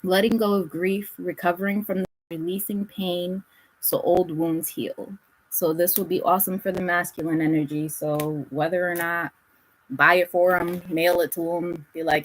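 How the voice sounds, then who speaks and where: A woman's voice: lowish voice, steady tone, moderate pace, poor audio. A woman giving a casual tarot reading, blunt and full of swearing, and she laughs often. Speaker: tarot reader.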